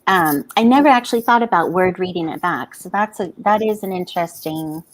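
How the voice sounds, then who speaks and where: A woman's voice: on the low side, a little fast, a little hiss or hum. A woman co-hosting a writing livestream, chatting casually and reading out viewer comments.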